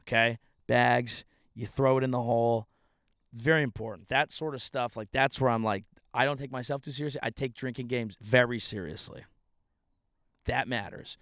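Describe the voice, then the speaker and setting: A man's voice: medium pitch, fairly even intonation, moderate pace, fairly bright tone, no echo, clean studio sound. A man hosting his own show as a comedian, telling rambling, profane, self-deprecating stories in a casual monologue outdoors. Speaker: comedian and podcast host. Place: outdoors by a ditch at a family home.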